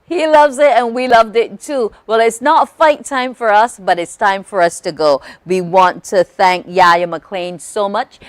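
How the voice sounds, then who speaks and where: A woman's voice: mid-range voice, measured pace, hardly any pauses, no room sound. A woman hosting a morning show, closing the segment with upbeat reminders for viewers. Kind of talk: show sign-off.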